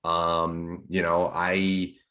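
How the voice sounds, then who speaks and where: A man's voice: low-pitched, monotone, extremely slow, sharp tone. A man co-hosting a sports betting podcast, chatting loosely with lots of "like" and "you know". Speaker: podcast co-host. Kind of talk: casual sports betting chat.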